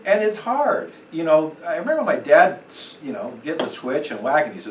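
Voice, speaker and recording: A middle-aged man teaching a parenting class at church, talking conversationally with many fillers and acting out quick quotes. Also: on the high side, lively intonation. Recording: echoey room, distant mic, noisy.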